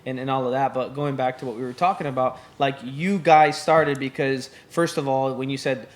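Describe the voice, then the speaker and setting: Laid-back man hosting a podcast. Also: mid-range voice. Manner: relaxed, conversational, quick backchannel replies. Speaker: podcast host. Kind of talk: casual podcast interview.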